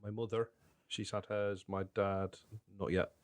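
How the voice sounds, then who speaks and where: A man co-hosting a podcast, quick with dry, teasing one-liners. His voice is lower than most men's and recorded dry with no room echo. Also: little pitch movement, smooth. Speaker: podcast co-host. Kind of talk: casual chat.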